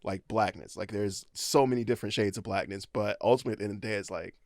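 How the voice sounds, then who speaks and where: A man talking casually on a podcast in a studio, laid-back with lots of fillers, getting animated when he jokes. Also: lowish voice, fast, dry recording. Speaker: podcast host. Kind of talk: casual chat.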